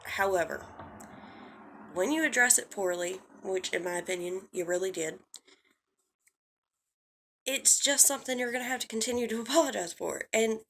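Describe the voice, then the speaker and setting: A woman's voice: medium pitch, moderate pace, creaky, long pauses, fairly bright tone. A woman giving blunt, heated drama commentary, swearing freely as she lays out her views. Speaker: commentary YouTuber.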